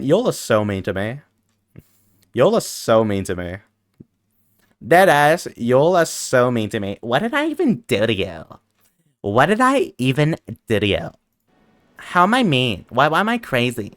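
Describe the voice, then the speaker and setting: A tired streamer bantering with chat through a close desk mic, the pitch swinging up and down all over. The sound is dry and close, with a teasing, playful way of talking. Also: huge pitch swings, unhurried, no echo. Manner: playful, reads chat aloud, teasing back. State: tired after a long stream. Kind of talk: casual live-stream chat while gaming.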